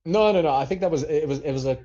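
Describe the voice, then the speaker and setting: With a fairly high-pitched voice and a dark tone, this wrestling podcast co-host races through rambling, filler-laden stories in casual chat. The recording is muffled.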